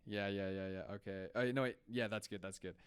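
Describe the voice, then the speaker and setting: A man with a lowish, smooth and clear voice tells a story loudly and with animation. He talks casually, like a podcast co-host chatting with friends. The delivery is lively and full of energy. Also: brisk, no echo, studio quality.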